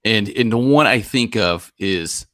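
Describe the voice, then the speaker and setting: A man co-hosting a podcast in casual chat, quick to laugh. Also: lowish voice, a bit bright, no echo, studio quality. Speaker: podcast co-host, former radio DJ.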